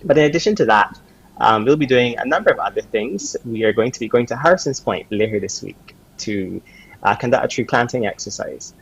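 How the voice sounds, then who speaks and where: A man, a service club official, explaining a charity drive on a morning show in a steady, informative way. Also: medium pitch, fairly quick, creaky, breathy edge. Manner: informative, steady, uses fillers. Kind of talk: studio interview. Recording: dull lo-fi sound.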